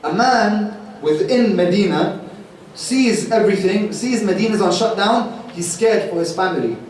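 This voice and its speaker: A man's voice: high-pitched, measured pace, a little hiss or hum. A man telling a religious story in a vivid, dramatic way to a youth gathering, recorded in a mosque hall. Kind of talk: sermon storytelling. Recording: echoey hall from far off.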